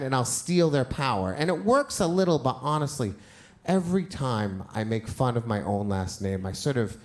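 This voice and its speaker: A middle-aged man telling a first-person story live on stage, animated and getting loud and high at the punch lines, with audience laughter.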